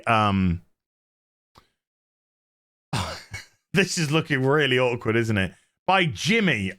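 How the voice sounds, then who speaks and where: A man's voice: mid-range voice, big pitch swings, drawn-out words, pauses often, bright, forceful tone. An older man giving comedic, irreverent commentary on a reality show, mocking it and laughing often. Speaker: YouTube commentator.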